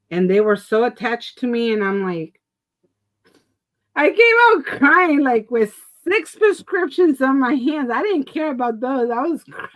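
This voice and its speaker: A middle-aged woman with asthma and COPD co-hosts a casual talk stream, her fairly high voice coming through a rough recording. She tells a story with animated flair, laughing often and acting out the quotes.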